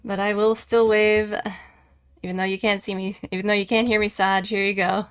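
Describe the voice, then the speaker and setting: A woman's voice: mid-range voice, little pitch movement, fairly quick, clean tone. Chatty woman streaming a game. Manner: chatty, laughs easily, talks to chat. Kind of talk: casual live-stream commentary.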